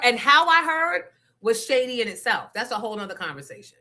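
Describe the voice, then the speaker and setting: A woman's voice: a little high, big pitch swings, a little fast, hardly any pauses, bright, forceful tone. A woman host ranting to her listeners in a blunt, profane, confrontational way. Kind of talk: casual rant to listeners.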